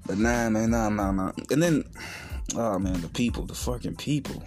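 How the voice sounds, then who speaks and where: A man hosting a podcast tells a story in a blunt, heavily profane way. His voice sits at a middling pitch and jumps up when he mocks the people he quotes. Faint music plays behind him. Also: very animated, unhurried, vocal fry. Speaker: podcast host. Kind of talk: casual profane monologue.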